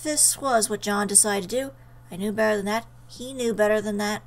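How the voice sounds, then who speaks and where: A woman reads a visual novel aloud fairly quickly at medium pitch, earnestly, as a let's player, interrupting herself for emotional asides. The recording is of low quality.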